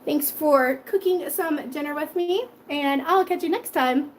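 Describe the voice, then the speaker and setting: A woman's voice: high voice, unhurried, a little hiss or hum. A middle-aged woman hosting a cooking live stream, chatting casually, laughing often and answering viewer comments. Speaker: cooking channel host.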